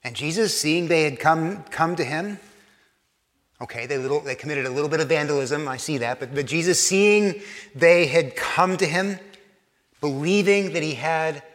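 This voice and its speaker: A man preaching a sermon, earnest, repeating and restarting phrases, often dropping soft for emphasis. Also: fairly high pitch, big-room sound.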